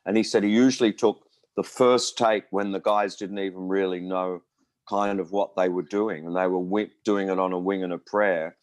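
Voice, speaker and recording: A man's voice: deep voice, fairly even intonation, normal speed, no room sound. A man in his sixties from Australia, talking casually in an interview as a musician, rambling through stories and acting out the voices of people he quotes. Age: 60s. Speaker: musician guest.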